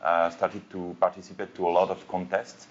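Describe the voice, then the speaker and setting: A man with a French accent, a cartoonist on a panel, speaking halting English and searching for words. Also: low voice, little pitch movement, muffled recording. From France. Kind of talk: panel discussion.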